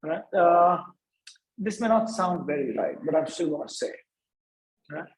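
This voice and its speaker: Man from India, workshop lecturer, high-pitched voice, echoey room, keeps checking in with "right?". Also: expressive, unhurried. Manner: asks "right?" after nearly every point. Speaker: workshop speaker. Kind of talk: lecture to students.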